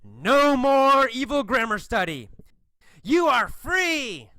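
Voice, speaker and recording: Man as a confident young hero, forceful, high lively voice, storybook. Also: measured pace, no room sound, exaggerated voice, rough recording. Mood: heroic. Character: bold young male rescuer on a motorcycle.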